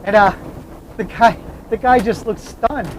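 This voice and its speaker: The vlog host's voice is high and his pace measured as he tells rambling anecdotes in a moving car during his travel vlog. In this casual storytelling chat he keeps correcting himself; the audio is poor, with slight background noise.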